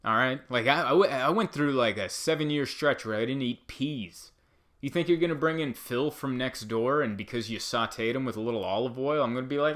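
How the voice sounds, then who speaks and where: A man hosting a comedy podcast, riffing through rambling stories in an animated way. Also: mid-range voice, fairly quick.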